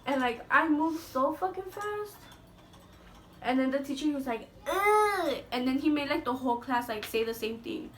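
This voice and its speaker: Young woman, high voice, casual storytime, chatty, swears a lot, faint noise behind. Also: normal speed. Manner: chatty, swearing, heavy use of "like".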